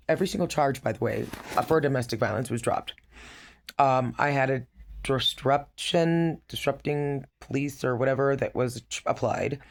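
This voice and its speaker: A woman giving a frank personal update to camera, rambling with many pauses and restarts, with a dry, sarcastic edge. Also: a bass voice, a little mellow. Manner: wry sarcasm. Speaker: vlogger.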